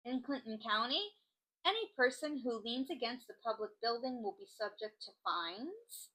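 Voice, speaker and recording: A woman's voice: a little high, animated, moderate pace, pushed and bright, rough recording. A woman hosting a crafting channel, chatting casually and joking as she reads out odd laws. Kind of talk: casual chat while crafting.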